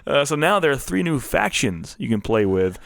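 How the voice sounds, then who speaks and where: A man's voice: fairly high pitch, sing-song, normal speed, vocal fry, fairly bright tone, no room sound. A man co-hosting a podcast, chatting casually and laughing often as he runs through gaming news. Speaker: podcast co-host. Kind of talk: casual chat.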